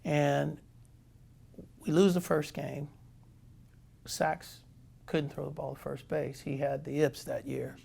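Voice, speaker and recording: A man in his sixties, a former pitcher, telling a lively anecdote as a guest. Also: slow, gravelly, pauses often, breathy edge. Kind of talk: storytelling anecdote.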